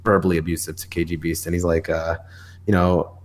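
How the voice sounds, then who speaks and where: Low-voiced New guy rambling. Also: level tone, a little fast. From New York. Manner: rambling, filler-heavy recap. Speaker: podcast co-host. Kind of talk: casual chat.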